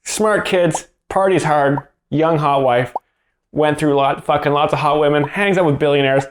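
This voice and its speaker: A man hosting a dry, deadpan commentary that explains the jokes, hesitant and over-literal. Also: on the high side, normal speed, slight background noise. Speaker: joke explainer host.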